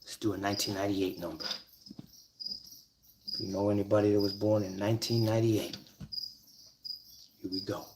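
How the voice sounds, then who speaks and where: A man's voice: on the low side, flat delivery, fairly quick, pauses often, noisy background. A man telling stories and teaching a numbers trick in a casual, profane, emphatic way. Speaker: numerology teacher. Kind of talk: casual storytelling monologue.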